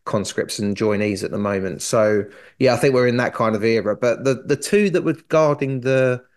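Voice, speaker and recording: A man's voice: mid-range voice, moderate pace. A man co-hosting a podcast, chatting casually and jokily about a TV series, laughing often. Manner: jokey, laughs often, says "mate". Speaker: podcast co-host.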